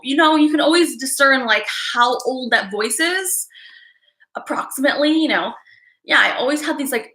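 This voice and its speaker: Bright-voiced emotional woman streamer. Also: high voice, echoey room, rough recording. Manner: emotional, rambling, with frequent sighs and restarts. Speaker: psychic tarot reader hosting a live stream. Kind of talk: casual live-stream talk to viewers.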